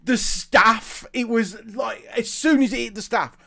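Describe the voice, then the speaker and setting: A man's voice: very high voice, unhurried, vocal fry. Man telling a laughing anecdote. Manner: animated, laughing anecdote-teller who acts out quotes. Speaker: podcast co-host. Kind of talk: casual storytelling chat.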